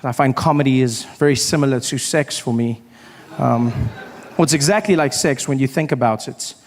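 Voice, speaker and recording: A young man performing a stand-up comedy set, telling animated stories and acting out other voices, on a stage microphone before a live audience. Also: mid-range voice. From South Africa. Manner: animated storytelling, acts out voices, quick asides. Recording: live stage audio with background noise.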